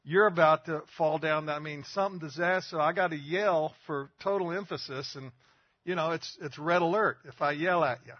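Older preacher, husky folksy sermon. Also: male voice, fairly high pitch, normal speed, no room sound, dull audio. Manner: folksy storytelling, rhetorical questions.

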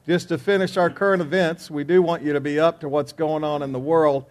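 A man's voice: fairly high pitch, steady tone, brisk, hardly any pauses. A man giving joking news and telling jokes before a class lesson, in a rambling, chatty way. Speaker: class teacher.

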